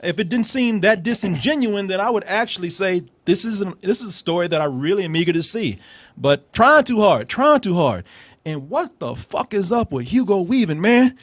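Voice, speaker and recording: A man with a high, bright speaking voice riffs on a film trailer in casual studio chat. He swears freely, laughs often and stumbles over repeated words. The sound is close and dry, with no room around it. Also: animated, fairly quick, few pauses, no room sound. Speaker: film reviewer host.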